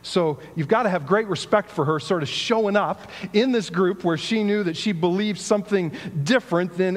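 A man's voice: sits high, in a large hall. A man giving a sermon in a conversational storytelling way, asking rhetorical questions. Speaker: pastor.

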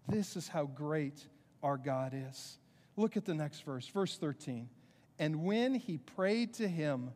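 A man preaching a sermon as pastor, earnest and conversational, with quick asides to the congregation. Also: on the high side, warm tone, big-room sound.

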